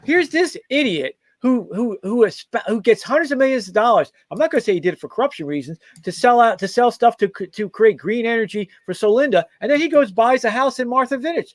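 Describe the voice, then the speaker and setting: High-voiced mocking male political commentator. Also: lively intonation, a little fast, hardly any pauses, no room sound. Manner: mocking, rambling, with frequent restarts. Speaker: co-host of a political talk show.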